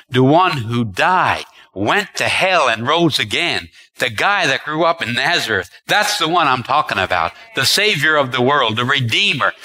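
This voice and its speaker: Male preacher, emphatic and repetitive sermon delivery, bright, forceful tone. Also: medium pitch, rough recording. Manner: emphatic and repetitive, stretching key words.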